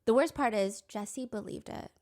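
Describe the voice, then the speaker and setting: A woman narrating a true crime story in an earnest, measured way. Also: a little high, darkish tone.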